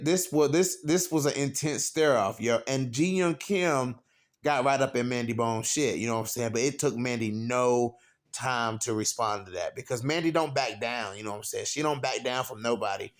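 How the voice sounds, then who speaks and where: Man, fight commentary host, casual slang, excitable, mid-pitched voice. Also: normal speed. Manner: excitable, slangy, repeats "you know what I'm saying".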